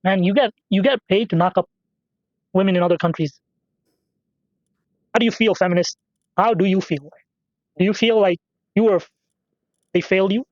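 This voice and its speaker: A man's voice: high voice, normal speed, pauses often, no echo. Man, gaming commentary, rambling, profane, dull lo-fi dry mic. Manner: rambling, profane, off-topic storytelling. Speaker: gaming channel host. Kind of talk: casual gameplay commentary.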